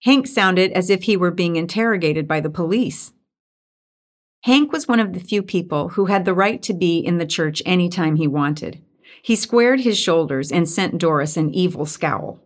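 Woman with a lowish voice reading a story. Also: expressive, normal speed. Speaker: narrator. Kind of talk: audiobook narration.

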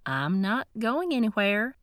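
A pushy, sharp-tongued woman who talks in curt, demanding bursts, as a woman reader puts her on. The voice sits noticeably higher and brighter than the reader's own, recorded dry and close. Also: big pitch swings, a little slow, dry recording.

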